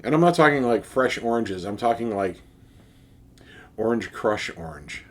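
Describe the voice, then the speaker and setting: A man's voice: on the low side, expressive, normal speed. A man giving a casual, enthusiastic beer tasting review, speaking with frequent fillers and restarts.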